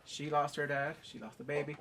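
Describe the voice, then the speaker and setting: A man's voice: on the high side, brisk, a little hiss or hum. A man giving a casual, profane recap of a TV episode. He acts out the scenes as he talks. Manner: animated, profane, acting out scenes. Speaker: TV show reviewer.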